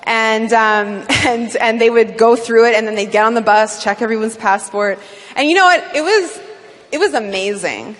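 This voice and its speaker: A woman from Canada giving a talk to an audience, animated and full of fillers. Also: fairly high pitch, normal speed. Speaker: business speaker. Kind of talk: speech to an audience. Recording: long hall reverb.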